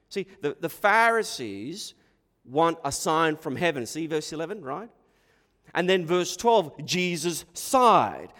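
A male pastor delivers a sermon at an unhurried, deliberate pace, his voice sitting fairly high. He presses his points with rhetorical questions and repeated words. The sound carries a long, ringing hall reverb.

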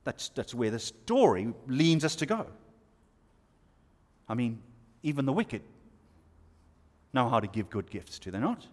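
A man with a medium-pitched, sing-song voice preaches a sermon, working through scripture verse by verse in an expository style. He poses rhetorical questions to listeners and pauses, with a hall's long reverb around him.

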